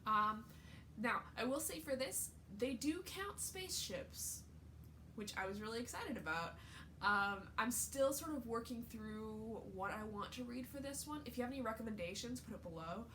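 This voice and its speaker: A woman's voice: fairly high pitch, a bit bright, slight background noise. A woman book vlogger talking in a casual, rambling way, with lots of fillers and restarts. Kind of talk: casual chat.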